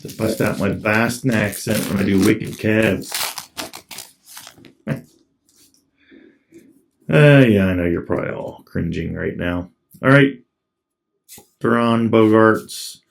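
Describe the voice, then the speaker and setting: Pausing often, a man with a fairly low, gravelly voice slowly works through a stack of trading card packs. He's a collector who keeps it laid-back, calling out each card as it turns up.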